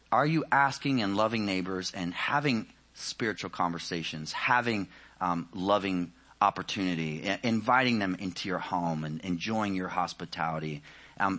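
A man preaching a sermon in a conversational way, often saying "you know", rising with energy and then dropping to quiet, searching questions. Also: lowish voice.

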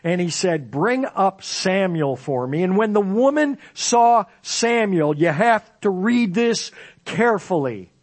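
High-voiced, slow-preaching man. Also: expressive. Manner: expository preaching with dramatic scripture reading. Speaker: pastor. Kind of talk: sermon.

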